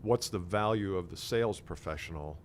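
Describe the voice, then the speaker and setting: A man's voice: sits low, a little fast, slight background noise. A man co-hosting a conversational podcast as a sales consultant, thinking aloud and acting out what imagined clients would say. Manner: reflective, makes points by acting out imagined clients.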